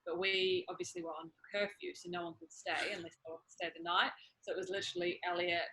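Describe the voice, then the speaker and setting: A woman who is a guest on a podcast, telling stories in a chatty, animated way. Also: fairly low pitch, fast, a little hiss or hum, low-quality recording. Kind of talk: casual interview chat.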